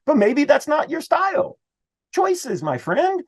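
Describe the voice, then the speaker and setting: A middle-aged man presenting a building-code webinar in a lively, conversational way that speaks straight to his listeners. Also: very high voice, slow pace. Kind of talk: webinar presentation over slides.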